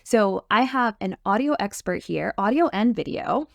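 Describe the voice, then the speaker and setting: Woman host, upbeat promo talk, some vocal fry, mid pitch. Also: expressive, normal speed, no room sound. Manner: upbeat, eager, fillers and restarts. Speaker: host, sound therapy course creator. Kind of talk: enthusiastic course promo chat.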